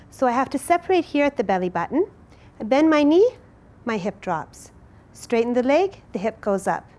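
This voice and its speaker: A woman's voice: a little high, a little mellow. A woman teaching a dance lesson, explaining and counting out each move as she demonstrates it. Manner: clear, counting out moves while demonstrating. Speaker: dance instructor.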